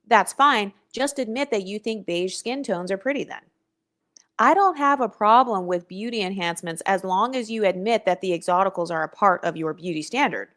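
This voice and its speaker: A woman's voice: medium pitch, fairly bright tone. A young woman hosting a casual livestream, talking bluntly and with attitude, swearing freely and reading viewer comments aloud. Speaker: livestream host.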